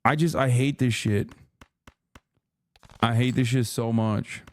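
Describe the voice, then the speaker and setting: This man streamer speaks slowly in a mid-range voice with fairly even intonation, yet he's heatedly ranting at his chat. Angry and profane, he mocks people by quoting them in a sarcastic voice.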